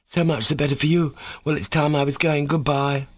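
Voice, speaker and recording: A man's voice: fairly high pitch, flat delivery, fairly quick, no room sound, pitched above the performer's own voice, natural voice. Kolya is a smug, clever schoolboy who lectures and teases everyone around him, as a man reads him in a lightly raised voice. He speaks in sure, clipped sentences, and the sound is close and dry. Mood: cocky. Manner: lofty, teasing, clipped and sure of himself. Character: cocky quick-witted schoolboy, mocking and bossy.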